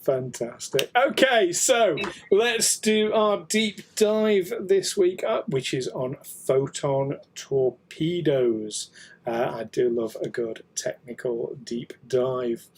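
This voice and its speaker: Husky chatty British man. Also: on the high side, animated, takes it slowly. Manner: chatty, jokey, laughs often. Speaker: co-host. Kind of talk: casual podcast chat.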